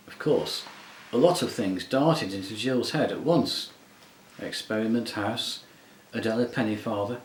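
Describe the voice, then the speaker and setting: A man narrating a storybook in a measured, expressive way. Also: on the low side, roomy sound, low-quality recording. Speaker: audiobook reader.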